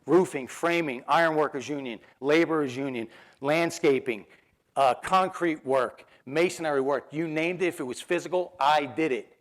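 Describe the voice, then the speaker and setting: A man's voice: fairly high pitch, moderate pace. A middle-aged man with a New Jersey accent telling personal stories in a keynote talk, acting out the dialogue and laughing often. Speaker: motivational speaker.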